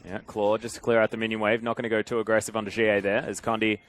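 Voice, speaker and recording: A man calling an esports match play-by-play, swinging from relaxed chatter to loud, fast calls in big fights. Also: lowish voice. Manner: excitable, rising loud and fast in big plays. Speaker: esports commentator.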